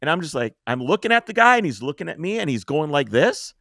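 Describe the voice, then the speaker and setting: A man hosting a podcast, telling a long story in a casual, animated way, swearing freely and acting out the scenes. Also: on the high side, quick pace, gravelly, no echo, studio quality.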